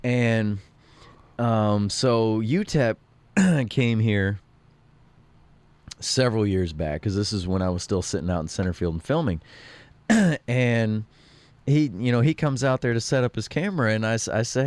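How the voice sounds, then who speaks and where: A man's voice: mid-range voice, lively intonation, normal speed, darkish tone, no echo. A man co-hosting a radio show, telling rambling anecdotes in casual chat and acting out other people's lines. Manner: rambling anecdotes with acted-out quotes, throat clearing. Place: radio studio.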